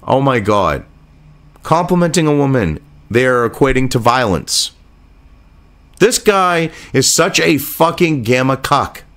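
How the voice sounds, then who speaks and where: A man's voice: mid-range voice, sing-song, measured pace, fairly bright tone. A man ranting in political commentary, profane, sarcastic and indignant.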